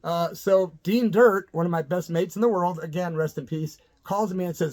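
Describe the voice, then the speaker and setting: A middle-aged man from the American Midwest tells an old story in a loose, rambling way, full of fillers and asides. His voice sits a little higher than most men's. He talks casually, straight to his viewers. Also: moderate pace, hardly any pauses, darkish tone. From Midwestern United States. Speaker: channel host.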